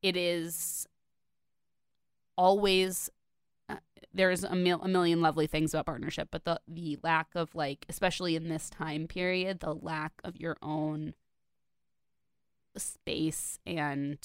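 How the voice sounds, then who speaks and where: A woman co-host with a lowish, smooth voice. She rambles casually through her thoughts, full of fillers and self-deprecating asides. The sound is close and dry. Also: level tone, unhurried, pauses often, dry recording. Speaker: podcast co-host. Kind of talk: casual chat.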